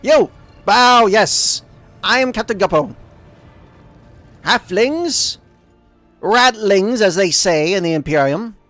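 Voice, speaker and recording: A man's voice: sits high, expressive, slow pace, pauses often, a bit bright, dry recording, soft background music, pitched above the performer's own voice, heavily acted. A man voicing a bossy, pompous little halfling ship captain with a theatrical, commanding manner. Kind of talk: let's play character voice.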